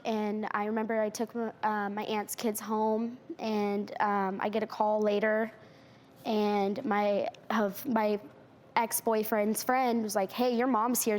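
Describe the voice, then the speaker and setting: A young woman telling an emotional family story as a talk show guest, halting and tearful at times. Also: medium pitch. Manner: halting, tearful retelling with quoted speech.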